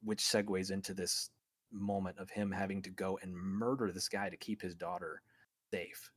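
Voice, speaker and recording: Enthusiastic low-voiced man on a podcast. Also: flat delivery, normal speed, husky, dry recording. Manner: enthusiastic, rambling retelling with many restarts. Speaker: podcast co-host. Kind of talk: casual film podcast monologue.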